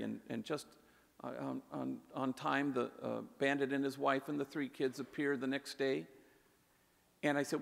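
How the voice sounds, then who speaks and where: A man, a priest, telling stories in a warm conversational way in a public talk, sprinkling in Spanish words. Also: medium pitch, little pitch movement, normal speed, vocal fry. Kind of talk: storytelling speech. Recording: echoey hall with long reverb.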